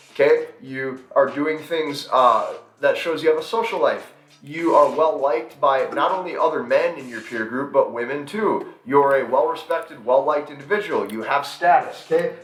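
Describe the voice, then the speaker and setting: Brief: man, higher voice, lecturing advice, roomy echo. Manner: lecturing, addresses listener as you. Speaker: dating advice speaker. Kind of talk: direct advice talk. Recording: echoey room in a played clip.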